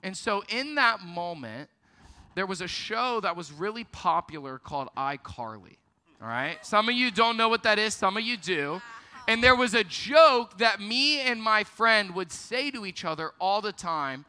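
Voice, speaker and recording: Young male youth pastor, bright forceful voice, playful storyteller. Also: high-pitched, moderate pace, clean tone. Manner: storytelling, lively, self-deprecating. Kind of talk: youth ministry sermon. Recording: long hall reverb.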